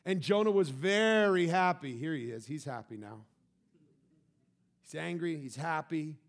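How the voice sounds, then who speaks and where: A male pastor delivers a sermon in a high, bright-sounding voice. He reads scripture and acts it out, breaking into laughter and loud, excited outbursts. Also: unhurried.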